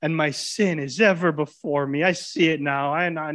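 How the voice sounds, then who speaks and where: A man in his thirties, a pastor preaching with passion, his colloquial talk swinging from loud urging to hushed intimacy. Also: on the high side, fairly quick, few pauses. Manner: colloquial preaching, casual grammar. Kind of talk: sermon.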